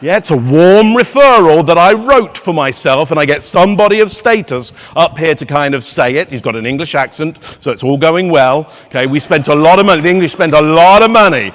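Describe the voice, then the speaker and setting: A man's voice: a little high, expressive, brisk, hardly any pauses. A man giving a live conference keynote, playful and teasing the audience with rhetorical questions. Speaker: keynote speaker. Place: large conference hall. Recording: long hall reverb.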